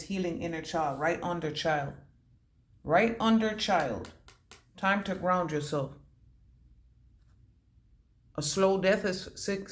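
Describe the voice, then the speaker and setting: A woman's voice: medium pitch, roomy sound. Woman giving a punning intuitive reading. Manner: free-associating, punning, casually cussing. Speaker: intuitive reader.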